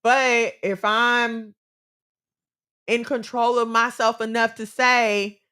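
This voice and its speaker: A woman's voice: a little high, steady tone, slow pace, bright, forceful tone, smooth. A woman co-hosting a casual chat, giving earnest, faith-based relationship advice and repeating phrases for emphasis.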